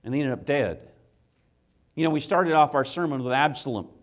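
A man, a father, preaching a sermon to children, swinging from loud impassioned rises to quiet earnest asides. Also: on the high side, moderate pace. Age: adult with children. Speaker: pastor.

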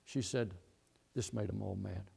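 Gravelly preacher telling a story. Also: male voice, on the low side, fairly even intonation, dark tone. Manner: storytelling preacher, repeats phrases, pauses mid-sentence. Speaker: pastor. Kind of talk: sermon.

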